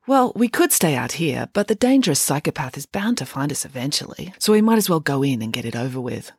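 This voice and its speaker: A woman reading a storybook, voicing a dreamy, easygoing schoolgirl who talks in a vague, unhurried way. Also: sits low, very animated, breathy edge, no echo, clean studio sound, full character voice.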